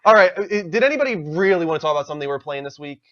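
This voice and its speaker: Fast-talking male podcast host. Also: on the high side, animated, a bit bright. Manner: brisk announcer-style delivery. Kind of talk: casual livestream podcast chat. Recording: dull lo-fi stream audio.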